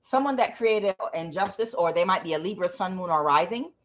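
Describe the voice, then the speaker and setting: A woman doing a tarot reading for her channel viewers, talking casually, swearing now and then and swinging between low mutters and loud excited bursts. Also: brisk, a little hiss or hum. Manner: swears casually, addresses viewers as guys and y'all. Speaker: tarot reader.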